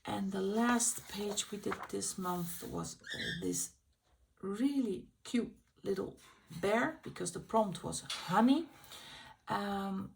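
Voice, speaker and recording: A woman's voice: mid-range voice, very animated, slow, gravelly, a little hiss or hum. A woman hosting a casual video where she shows her finished colouring pages, chatting and thinking aloud as she checks which supplies she used. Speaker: colouring channel host.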